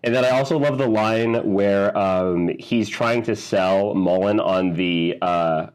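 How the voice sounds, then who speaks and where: Low-voiced man chatting about movies. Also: slow. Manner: relaxed, enthusiastic, searches for words. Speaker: podcast co-host. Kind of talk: casual movie chat.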